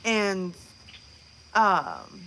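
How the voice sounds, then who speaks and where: A woman's voice: mid-range voice, wildly swooping pitch, drawn-out words, creaky, a bit bright, a little hiss or hum. A woman host chatting casually on a live stream, rambling with many fillers and restarts.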